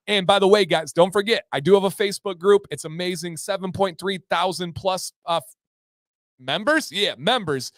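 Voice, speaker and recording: A man hosting a casual livestream, reading viewer comments in an upbeat, excitable way with sudden loud whoops. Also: sits high, normal speed, no room sound. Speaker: livestream host.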